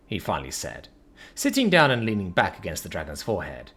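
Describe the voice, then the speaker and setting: A man narrating a fantasy story in an expressive, casual audiobook style. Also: deep voice, fast, slightly rough.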